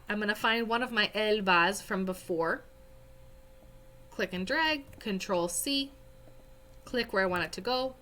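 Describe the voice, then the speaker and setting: Slow, patient woman teacher. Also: medium pitch, bright, forceful tone. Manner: patient, talks to students directly, spells words aloud. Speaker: Spanish teacher. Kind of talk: screen-recorded lesson walkthrough.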